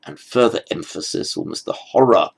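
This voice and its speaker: A man teaching a lesson, explaining each word slowly and carefully, step by step, and stressing each foreign word as he says it. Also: low voice, expressive, creaky, husky. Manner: slow, careful, stepwise explaining; pronounces foreign words slowly with emphasis. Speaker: Sanskrit teacher. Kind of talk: lecture.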